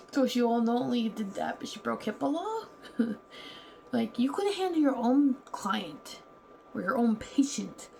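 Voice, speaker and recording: Casual vlogger, female, gravelly voice, candid heated monologue, faint background hiss. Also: on the high side, dark tone. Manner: candid, heated, acts out other people's lines.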